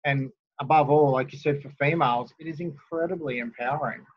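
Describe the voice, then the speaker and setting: A man's voice: a little high, brisk, dull audio, background noise. A man hosting a podcast, easygoing and encouraging as he chats with his guest. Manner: easygoing, encouraging, laughs along. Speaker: podcast host. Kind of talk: casual podcast conversation.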